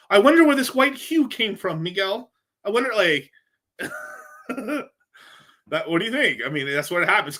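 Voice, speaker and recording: A man's voice: a little high, sharp tone. A man from the United States, a crypto livestreamer, ranting casually with lots of swearing, rambling and frequent laughter. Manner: profane, rambling, laughs often.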